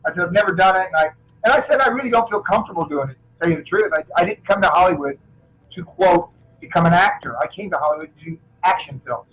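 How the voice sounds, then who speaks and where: Middle-aged man, action actor guest, high and very animated in pitch, chatty storyteller who often restarts his lines. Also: fast, low-quality recording. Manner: animated anecdotes, frequent restarts. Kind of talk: casual interview storytelling.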